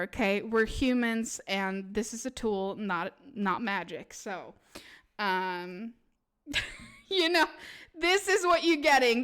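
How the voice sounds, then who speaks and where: Young woman, high voice, casual tarot stream chat, laughs a lot. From Sweden. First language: Swedish. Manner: giggly, animated, talks back to chat. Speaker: streamer giving tarot readings.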